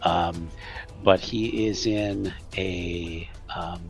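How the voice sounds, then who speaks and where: Man, game master, deep voice, gravelly, halting narration, faint music behind. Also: fairly even intonation. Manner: halting, filler-heavy narration.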